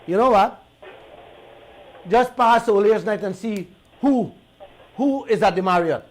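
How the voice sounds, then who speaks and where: A man with a Guyanese accent hosting a radio talk show, telling stories in an animated, indignant way and repeating himself. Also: high voice, measured pace, poor audio. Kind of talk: heated talk radio monologue.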